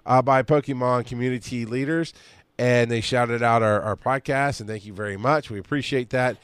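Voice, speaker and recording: A man's voice: medium pitch, fairly quick, clear, resonant tone, dry recording, clean studio sound. A man co-hosting a podcast in casual chat, joking and teasing, now and then slipping into put-on voices. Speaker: podcast co-host.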